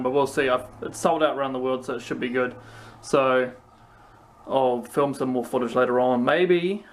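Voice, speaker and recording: A man with a New Zealand accent who talks casually in a vlog, rambling with many ums. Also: medium pitch. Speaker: vlogger. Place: outdoors, then a busy theatre. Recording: loud background noise.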